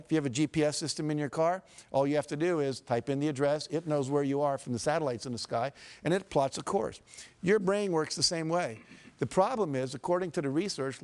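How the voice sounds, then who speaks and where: His voice sits on the higher side and sounds a bit mellow. Speaking at a live seminar, this motivational speaker from the US tells stories, acts out quotes and puts questions straight to the crowd.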